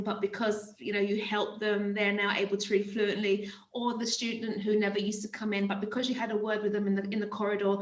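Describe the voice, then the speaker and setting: Give me an animated woman teacher on a video call with a roomy echo. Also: medium pitch. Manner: animated, stops and restarts often. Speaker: teacher and author, interview guest. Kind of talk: conversational interview answers.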